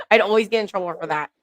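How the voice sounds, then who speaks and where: A woman's voice: mid-range voice, no echo. A woman hosting a casual chat, upbeat and laughing often.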